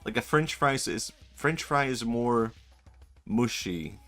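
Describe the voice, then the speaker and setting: A man's voice: mid-range voice, lively intonation, slow, fairly bright tone. A man streaming a video game, chatting casually, laughing often, rambling and swearing. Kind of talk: casual gameplay commentary. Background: game music.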